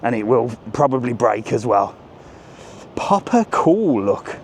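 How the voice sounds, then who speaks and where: An unhurried, sing-song man with a medium-pitched voice live-streams his walk along resort streets. He's casual and cheeky, talking straight to viewers and reading their messages aloud, while faint street and traffic sounds murmur behind him.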